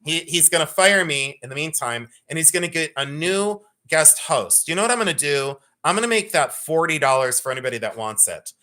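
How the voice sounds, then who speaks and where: A man's voice: on the high side, lively intonation, fairly quick, hardly any pauses, sharp tone. A man hosting a live jewelry sale, chatting casually, joking, teasing and laughing often as he greets viewers. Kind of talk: casual live-stream selling chat.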